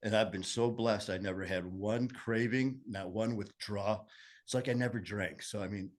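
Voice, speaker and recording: A man's voice: lowish voice, fairly even intonation, moderate pace. A man with a Michigan accent telling his recovery story in casual conversation, earnest and meandering with many fillers.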